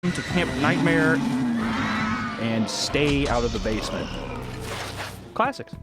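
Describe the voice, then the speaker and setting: A man's voice: medium pitch, lively intonation, takes it slowly, loud music behind the voice. A man in his thirties giving a sarcastic, profane comedic review, swearing freely and laughing at his own jokes.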